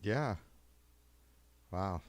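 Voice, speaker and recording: A man's voice: sits low, expressive, drawn-out words, dry recording. Blunt, profane male talk show host. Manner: blunt, profane, chuckling asides. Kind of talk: casual live show banter.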